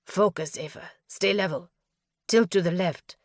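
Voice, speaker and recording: A woman's voice: lowish voice, unhurried, dry recording, studio quality. A woman reading an audiobook voices a stern male warrior who gives clipped, urgent commands. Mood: commanding.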